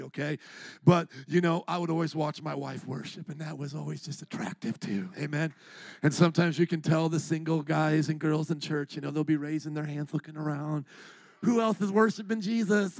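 A man, a pastor, preaching a lively, joking sermon and calling on the congregation to answer back. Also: high voice, no echo.

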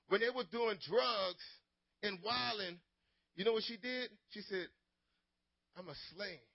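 A man preaching an energetic call-and-response sermon to teenagers as youth pastor, telling stories dramatically. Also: high voice, dry recording. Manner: dramatic storytelling, swings from loud to hushed. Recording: dull lo-fi sermon recording.

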